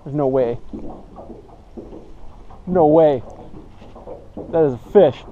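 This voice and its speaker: A man doing fishing vlog commentary outdoors from a boat, excitable and repeating his exclamations. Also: a little high, slow, narrow, tinny audio, slight background noise. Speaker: fishing vlogger.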